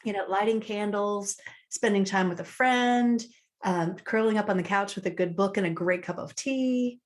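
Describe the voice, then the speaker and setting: A woman's voice: medium pitch, normal speed. A woman from the United States, a personal style coach, chatting reflectively in an interview over a video call. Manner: warm, reflective, quotes her own thoughts aloud. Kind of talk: relaxed interview chat.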